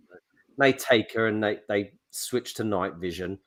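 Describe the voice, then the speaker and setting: A man's voice: fairly low pitch, animated, moderate pace, fairly bright tone. Guy on a podcast, rambly storyteller, goes up and down a lot, does voices. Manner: rambling, acts out quotes in voices. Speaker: podcast co-host. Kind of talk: casual chat.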